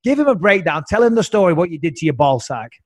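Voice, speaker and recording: A man's voice: fairly high pitch, sing-song, quick pace, dry recording. A man hosting a podcast, chatty, rambling and profane in a casual interview. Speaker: podcast host.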